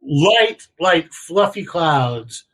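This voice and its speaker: A young man co-hosting a podcast in casual chat, rambling and crude, with vivid slang and lively bursts. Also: fairly high pitch, extremely slow, rough recording. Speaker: podcast co-host.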